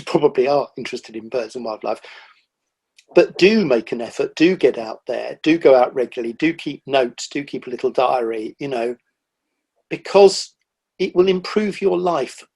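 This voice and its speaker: A middle-aged man, a guest on a podcast, telling animated stories about the wildlife he sees, with lively quoted asides. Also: mid-range voice, normal speed, breathy edge. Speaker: guest, nature writer. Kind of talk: casual conversational interview.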